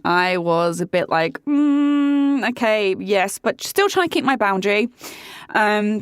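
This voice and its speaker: A woman's voice: mid-range voice, dry recording, clean studio sound. A young woman vlogger telling a candid, chatty story about her relationship, full of fillers and swearing. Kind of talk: casual storytelling to camera.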